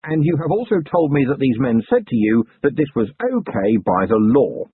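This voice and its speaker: A man's voice: medium pitch, very animated, moderate pace, slightly rough, no echo. A man reading the part of a stern male police commander with a dry, commanding manner. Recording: tinny lo-fi recording.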